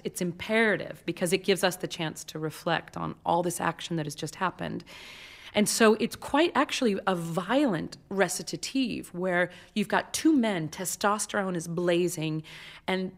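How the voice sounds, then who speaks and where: A woman opera singer explaining her craft in an onstage interview, talking in an expressive, animated way. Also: fairly low pitch. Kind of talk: onstage interview before an audience.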